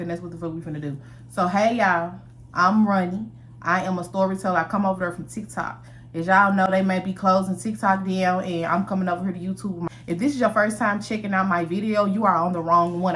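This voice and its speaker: A woman's voice: lowish voice, a bit bright, slight background noise. A woman storyteller giving a casual, chatty storytime narration straight to the camera, swearing freely as she talks to viewers. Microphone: camera mic, recorded to camera.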